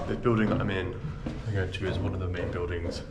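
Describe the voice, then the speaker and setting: Vlogging his travels on foot around town and from the driver's seat, a young man talks in a loose, self-mocking, chatty way for a casual travel vlog. He speaks quickly in a low voice with little pitch movement, and the noisy outdoor camera audio picks up street sounds and vehicle noise.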